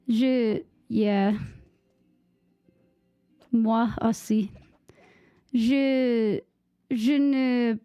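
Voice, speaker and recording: A woman's voice: a little high, unhurried, pauses often, mellow, no echo, lo-fi sound, faint music behind. A young American woman chatting casually with viewers on a game stream, giggling and trying out bits of French. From United States.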